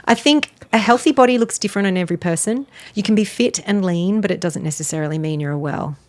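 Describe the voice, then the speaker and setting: A woman's voice: medium pitch, fast. A middle-aged woman as a podcast guest, giving dating advice in an upbeat, laughing way. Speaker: podcast guest, wellness expert and dating coach. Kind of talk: casual podcast chat.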